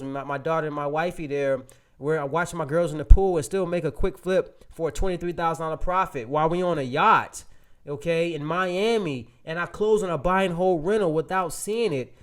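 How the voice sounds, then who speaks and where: Man, webinar presenter, casual storytelling pitch, rambling, restarts, slightly high voice. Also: clear, resonant tone. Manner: animated, rambling with many restarts and fillers. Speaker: real estate webinar presenter.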